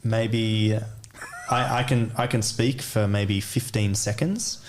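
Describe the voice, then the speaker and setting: A man's voice: on the low side, fairly even intonation, slow, slight background noise. A man with an Australian accent chatting as a podcast guest, rambling and full of filler words. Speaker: guest, DJ and music producer. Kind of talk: casual podcast chat.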